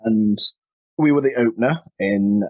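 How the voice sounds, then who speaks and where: A man's voice: medium pitch, measured pace, mellow, no echo. A man talking casually as a podcast guest, candid and self-deprecating, laughing often, heard over a remote call. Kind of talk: casual chat.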